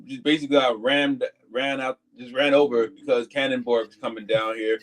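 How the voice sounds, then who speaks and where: A man's voice: mid-range voice, little pitch movement, normal speed, poor audio. A man co-hosting a live fan review show, chatting casually and animatedly, jumping into quoted voices. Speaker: co-host.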